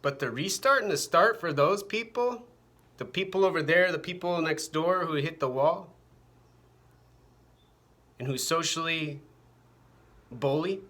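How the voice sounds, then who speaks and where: A man's voice: on the high side, measured pace, long pauses, bright, forceful tone. A man delivering a rambling, profane, agitated monologue to his camera, repeating phrases over and over. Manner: agitated, repetitive, profane rant. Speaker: vlogger. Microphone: camera mic.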